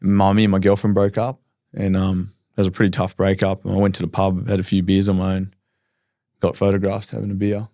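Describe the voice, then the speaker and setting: A man in his thirties with an Australian accent, telling his story candidly in a relaxed podcast chat. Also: low-pitched, no room sound, studio quality. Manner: rapid, candid, laid-back with frequent ums. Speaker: podcast guest, professional footballer.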